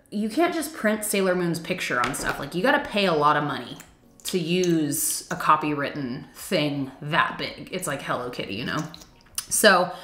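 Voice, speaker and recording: A young beauty vlogger chats casually through a makeup review in an echoey room, chatty and self-deprecating, with frequent fillers. Her voice is on the low side, bright, and forceful.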